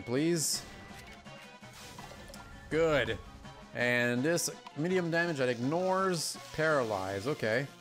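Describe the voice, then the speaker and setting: A man hosting a let's play, giving casual gameplay commentary in an anxious, pleading and excitable way. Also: mid-range voice.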